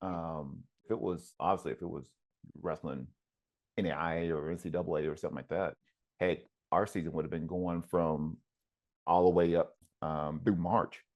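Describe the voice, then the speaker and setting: A man's voice: deep voice, steady tone, moderate pace, a little mellow, highs cut off. A man who coaches wrestling, talking in an easygoing, casual conversation with frequent ums and uhs. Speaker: wrestling coach and podcast host.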